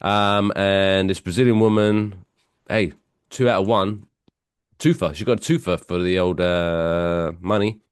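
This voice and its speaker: A man co-hosting a podcast in casual, joking banter, his voice going hoarse. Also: low-pitched, steady tone, measured pace, no room sound, studio quality. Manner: rambling, joking, chatty. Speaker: podcast co-host.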